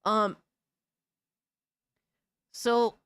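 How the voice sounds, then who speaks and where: Picture a woman streamer riffing on gaming news for her chat, cursing freely and breaking into laughter between thoughts. Her voice sits a bit high and sounds close and dry, with no room around it. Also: flat delivery, extremely slow, a bit bright, clean tone, dry recording. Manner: loose and profane, laughing often, calling people brother and dog. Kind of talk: casual live-stream chat reacting to news.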